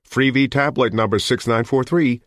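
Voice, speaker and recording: A man doing a jumpy, excitable newsman. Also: medium pitch, moderate pace, dry recording, clean studio sound, voice pushed up, lightly acted. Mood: excited. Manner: businesslike, excitable and loud. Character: excitable male newsroom man.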